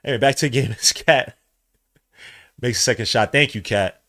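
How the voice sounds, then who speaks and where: A young man doing live watch-along commentary as a podcast host, trading muttered play-by-play for loud slangy outbursts. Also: medium pitch, brisk.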